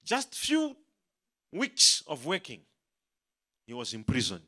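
A man preaching a sermon, emphatic and animated, leading the congregation in call-and-response. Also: mid-range voice, slow pace. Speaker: pastor.

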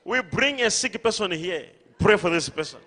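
A man preaching a sermon to a congregation, emphatic and repetitive, rising at times to shouts. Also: high voice, expressive, moderate pace, big-room sound. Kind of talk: sermon with call-and-response. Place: large church hall.

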